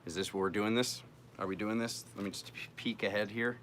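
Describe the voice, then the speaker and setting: A man's voice: lowish voice, steady tone, brisk, a bit bright, slight background noise. Chatty, playful man reading tarot live. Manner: chatty and playful, joking with viewers while shuffling cards. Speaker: tarot reader hosting a live stream.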